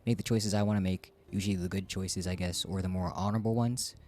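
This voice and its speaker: Low-voiced chatty male streamer. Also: steady tone, fast, mellow, slight background noise. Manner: chatty, rambling, self-deprecating. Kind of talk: casual gameplay commentary.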